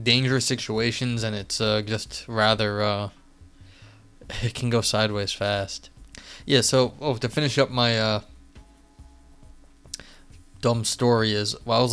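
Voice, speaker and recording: A man's voice: on the low side, a bit bright, clear, resonant tone. A man streaming live, chatting casually and rambling with lots of fillers and restarts. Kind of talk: casual live-stream chat and reading aloud. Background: faint music.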